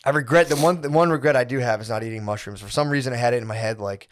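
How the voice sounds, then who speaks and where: A man co-hosting a podcast in casual chat, telling laid-back stories in a slightly hoarse voice and saying "dude" a lot. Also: medium pitch, rapid-fire. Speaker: podcast co-host.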